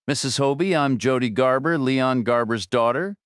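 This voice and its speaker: A man's voice: mid-range voice, normal speed, clean tone, no room sound, studio quality, pitched above the performer's own voice, close to an everyday voice. A man voicing a persistent young woman lawyer who presses with polite questions. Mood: earnest.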